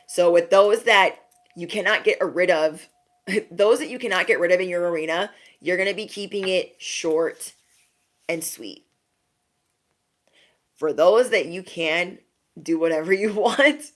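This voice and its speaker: A woman's voice: fairly low pitch, measured pace, long pauses. A young woman doing a casual spiritual card reading, chatty and laughing often as she talks to her viewers. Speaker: tarot reader.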